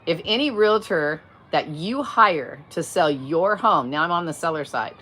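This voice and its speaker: A woman's voice: fairly low pitch, fairly bright tone. Chatty woman agent on a livestream. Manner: chatty, explains step by step, greets viewers mid-sentence. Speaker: real estate agent hosting a livestream. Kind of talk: casual livestream talk. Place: at home, outdoors or by a window, wind.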